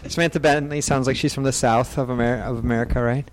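A man's voice: medium pitch, steady tone, fast talker. A man hosting a podcast, teasing and introducing guests in the studio. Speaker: podcast host. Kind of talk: casual studio chat.

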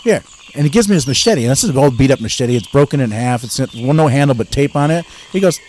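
On a casual podcast chat, a male guest storyteller with a mid-range voice talks fast, with slight background noise. His long story is crude and profane, told in an animated way as he loudly acts out the other people's voices.

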